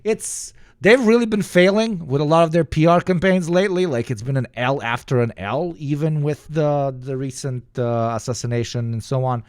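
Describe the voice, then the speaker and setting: A man's voice: a little high, normal speed, few pauses, a little mellow, smooth, no echo, studio quality. A man from the Balkans giving sarcastic, profane livestream reaction commentary that rambles from point to point. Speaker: streamer.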